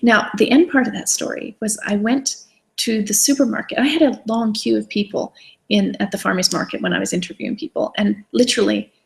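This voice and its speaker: A woman's voice: medium pitch, fairly quick, gravelly, poor audio. A woman hosting a wellness challenge over a video call, telling stories in an enthusiastic, rambling way that often drifts off topic. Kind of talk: casual storytelling talk. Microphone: video call webcam.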